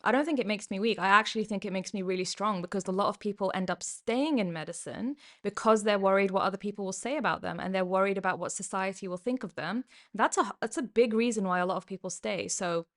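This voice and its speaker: A woman's voice: medium pitch, fast talker, hardly any pauses. A young British woman casually reacting to comments on her vlog, chatty and often laughing. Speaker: YouTuber and former doctor.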